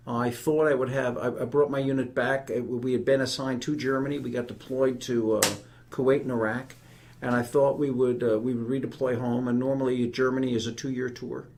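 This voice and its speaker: A man in his fifties from New York with a New York accent, a retired army general telling animated, emphatic stories as a podcast guest. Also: mid-range voice. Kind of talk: conversational podcast interview.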